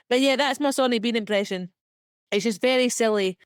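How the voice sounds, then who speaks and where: A woman's voice: a little high, dry recording. Chatty young Scottish woman, dry sound. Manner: chatty, filler-heavy, quick self-deprecating laughs. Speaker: comedian and actor guest. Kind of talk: casual podcast interview.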